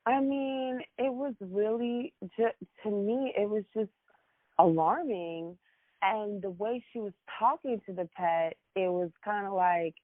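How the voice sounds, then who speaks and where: Panelist, male, blunt and animated, dry tinny phone-like sound. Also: high voice, a little slow, no echo. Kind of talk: casual talk show chat.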